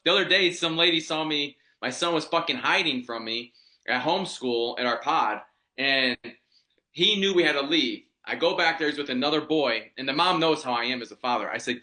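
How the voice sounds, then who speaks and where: Bright, blunt man in an echoey room. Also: on the high side, normal speed. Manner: blunt, profane, laughs easily. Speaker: podcast co-host. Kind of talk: casual podcast chat.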